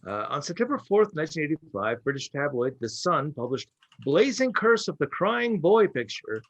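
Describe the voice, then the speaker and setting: A man's voice: fairly high pitch, very animated, normal speed, no echo, lo-fi sound. Wry man reading a spooky tale. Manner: wry, storytelling delivery with asides. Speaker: podcast host. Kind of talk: reading a prepared story with banter.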